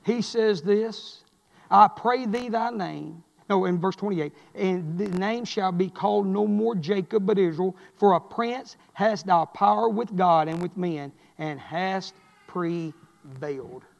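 A man, preaching a sermon as pastor, swinging from quiet murmurs to shouted fervor. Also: high voice, slow, creaky, dull audio. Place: church sanctuary. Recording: long echo of a church sanctuary.

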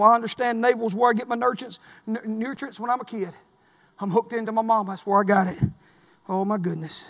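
A man preaching a sermon in church, swinging between loud impassioned calls and hushed pleading. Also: high voice, fairly even intonation, fairly quick, long reverb tail. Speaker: pastor. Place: church sanctuary.

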